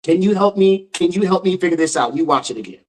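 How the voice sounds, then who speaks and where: A man's voice: sits high, lively intonation, quick pace, darkish tone, rough recording. Male host, emphatic commentary rant, calls people out, repeats himself for emphasis. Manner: emphatic, calling out, repeats lines for effect.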